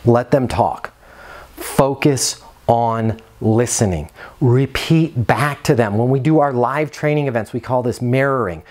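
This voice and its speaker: A man's voice: mid-range voice, measured pace, darkish tone. A man giving an instructional talk to camera as a property management trainer, earnest and coaching, repeating his key phrases.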